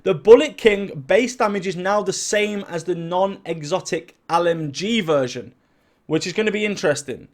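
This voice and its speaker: A man with a fairly high voice runs through game update notes in a casual, chatty way. He gets excitable and throws in quick personal asides between the items he reads out. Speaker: gaming YouTuber. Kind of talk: casual patch-notes commentary. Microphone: desk mic at a home gaming setup.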